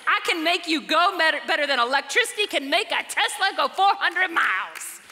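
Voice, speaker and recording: A woman pastor, preaching a lively sermon that swings from soft talk to shouts, often laughing. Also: extremely high pitch, brisk. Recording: live church hall reverb with music.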